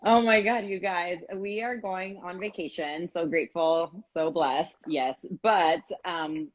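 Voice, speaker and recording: A woman co-hosting a casual live stream, telling a candid, animated story with some swearing. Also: on the low side, takes it slowly, highs cut off. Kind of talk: casual chat.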